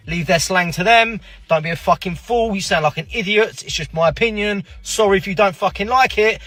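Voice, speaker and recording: Man from Kent, blunt, scornful, high bright voice, dry sound. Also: dry recording. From Kent, England. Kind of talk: blunt opinion rant in a clip.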